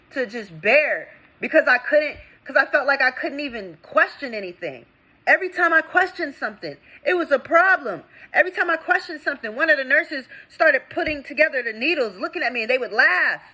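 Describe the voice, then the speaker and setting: Emphatic indignant woman, bright voice. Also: husky, rough recording. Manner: emphatic, indignant, swings between loud outbursts and low mutters. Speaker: veteran vlogger. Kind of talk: impassioned vlog rant.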